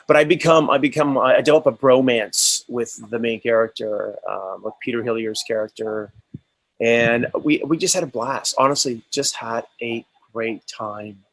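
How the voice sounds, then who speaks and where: A man's voice: medium pitch, no echo, rough recording. A male actor as an interview guest, telling stories in a casual, enthusiastic way with many restarts.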